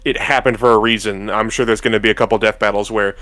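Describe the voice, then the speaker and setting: A man's voice: lowish voice, fairly even intonation, quick pace. A man co-hosting a casual podcast chat, laid-back and profane. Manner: laid-back, profane, mock-voices in asides. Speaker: co-host.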